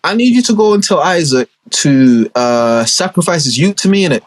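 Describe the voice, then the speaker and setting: A man's voice: fairly high pitch, animated, moderate pace, a little hiss or hum, close to an everyday voice. A man voicing God as a brash, swearing boss who demands obedience. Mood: bossy. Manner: boastful, swearing, impatient. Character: brash demanding God in London slang, male.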